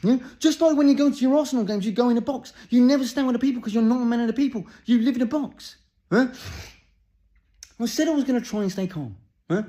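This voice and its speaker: A comedian doing an angry, swearing impression of an English public figure, with an English accent, ranting and barking "huh?" between lines. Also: male voice, very high-pitched, quick pace, mellow.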